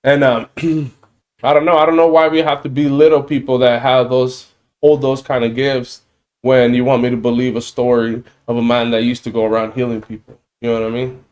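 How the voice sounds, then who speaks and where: A man's voice: mid-range voice, level tone, fairly quick, darkish tone. Rambling man hosting a casual podcast. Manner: rambling, loose, often asks "you know what I mean". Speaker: podcast host.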